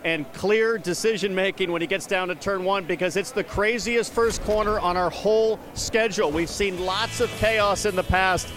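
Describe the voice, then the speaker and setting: A man working as a racing analyst, giving live motorsport commentary in a relaxed, explanatory way. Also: sits high, moderate pace, few pauses, music in the background.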